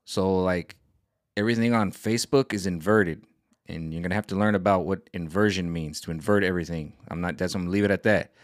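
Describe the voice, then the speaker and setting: A man ranting casually to camera as a vlogger, animated and exasperated. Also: low voice, brisk, no echo, studio quality. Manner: animated, exasperated, jumps into quoted voices. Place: home room set up for streaming.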